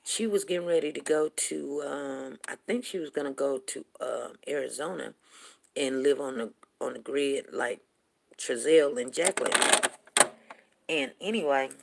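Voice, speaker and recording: Chatty woman with a gravelly edge. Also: very deep voice, slight background noise. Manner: chatty and animated, quick laughs, mimics friends' voices. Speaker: show host. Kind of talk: casual storytelling to viewers.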